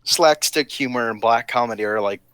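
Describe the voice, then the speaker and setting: A man's voice: mid-range voice, moderate pace, fairly bright tone, clean tone, no echo. A man hosting a live stream chat, talking in a rambling, digressive, cheerfully provocative way. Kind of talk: casual chat.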